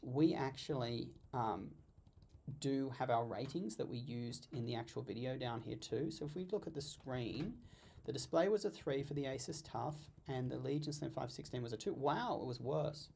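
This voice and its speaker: A man hosting a live stream of tech talk, unscripted and animated, often stumbling and restarting his sentences. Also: mid-range voice, moderate pace, creaky, slight background noise.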